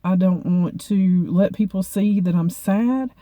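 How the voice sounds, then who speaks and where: A woman vlogger talking to camera in a halting, heartfelt way, often repeating herself. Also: mid-range voice, mellow, no echo. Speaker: beauty vlogger. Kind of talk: personal talk to camera.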